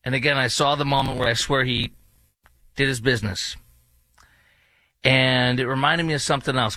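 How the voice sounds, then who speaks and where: A male host delivers pointed political commentary with a sarcastic, mocking edge. His voice is bright and forceful. The sound is close and dry, with no room around it. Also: medium pitch, dry recording. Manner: sarcastic, mocking, rambling asides. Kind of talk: opinionated talk radio commentary.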